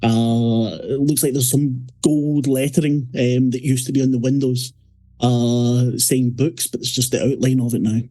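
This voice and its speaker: A man narrating a horror tabletop game as game master, relaxed and descriptive with frequent pauses. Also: medium pitch.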